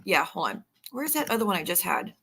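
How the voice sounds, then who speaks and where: Woman, bright tone, candid rambling livestream host. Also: fairly low pitch, very animated, brisk, vocal fry, slight background noise. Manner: candid, rambling, reads messages aloud. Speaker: streamer. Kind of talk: casual livestream talk.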